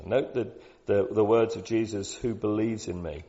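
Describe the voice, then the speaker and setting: A man preaching a sermon in a conversational way, building to loud, emphatic peaks. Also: fairly low pitch, fairly even intonation, normal speed. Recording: dull lo-fi sound.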